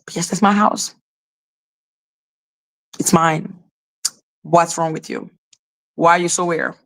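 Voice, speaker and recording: A woman's voice: lowish voice, steady tone, slow, gravelly. Exasperated woman ranting, a native French speaker. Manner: exasperated, profane, repetitive, lecturing. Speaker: live streamer. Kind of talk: heated casual rant.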